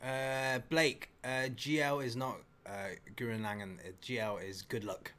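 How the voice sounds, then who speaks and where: A man co-hosting a casual question and answer chat, talking haltingly and stumbling over his words. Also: medium pitch, fairly even intonation, a bit bright, clear, resonant tone. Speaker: co-host.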